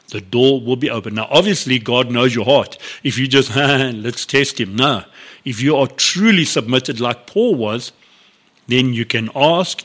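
Animated preaching man. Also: medium pitch. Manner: animated storytelling, acts out biblical dialogue with laughs. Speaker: pastor. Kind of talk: sermon.

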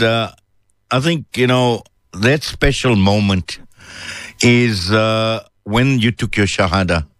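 A man interviewing a guest, asking his questions in a measured, sympathetic way. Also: lowish voice, no room sound, clean studio sound. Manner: measured, sympathetic, drawn-out phrasing.

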